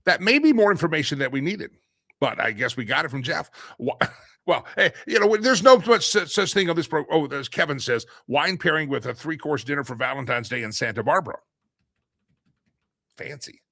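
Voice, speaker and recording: A middle-aged male talk show host with a bright, fairly high voice, joking and rambling through viewer comments with plenty of laughter. The sound is dry and close, with no room echo. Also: expressive, moderate pace, creaky. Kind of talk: casual live-stream talk, reading viewer comments.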